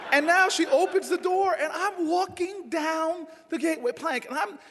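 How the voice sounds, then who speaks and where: A man giving a humorous dinner speech, telling an animated story and often shouting. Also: very high-pitched, normal speed. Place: large dinner hall. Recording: long hall reverb, faint noise.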